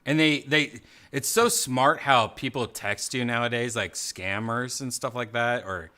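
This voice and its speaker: A man's voice: medium pitch, unhurried, bright, forceful tone. A man hosting a casual podcast chat, rambling and acting out quotes in funny voices. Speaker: podcast host.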